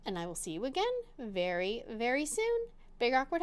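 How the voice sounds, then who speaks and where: A woman's voice: a little high, huge pitch swings, moderate pace. A young adult woman hosting her crafting channel, chatting casually and bubbly, poking fun at herself. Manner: bubbly, chatty, self-mocking. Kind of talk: casual chat to camera.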